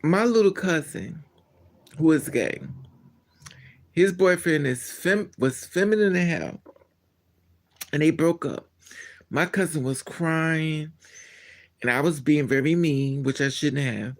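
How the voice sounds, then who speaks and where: A man hosting a casual live stream, answering his chat in a blunt, candid and animated way. He laughs often and trails off mid-thought. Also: on the high side, slow, long pauses.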